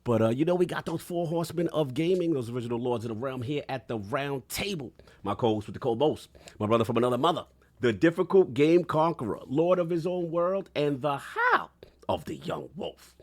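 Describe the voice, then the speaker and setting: A man's voice: medium pitch, expressive, a little fast, darkish tone. A man hosting a casual gaming podcast, introducing co-hosts with showman flair and laughing a lot. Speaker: podcast host.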